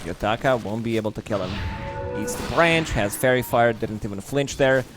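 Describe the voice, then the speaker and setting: Analytical esports co-caster with music behind. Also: male voice, medium pitch, normal speed. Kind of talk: color commentary. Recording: music playing underneath.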